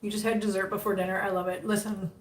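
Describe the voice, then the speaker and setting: A woman's voice: level tone, fast talker. Chatty fifty-year-old woman livestreaming from across a roomy space. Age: 50s. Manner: chatty, talks to viewers and cats in a high cooing baby voice. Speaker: livestream host. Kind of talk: casual livestream chat. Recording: roomy, picked up from a distance, faint noise.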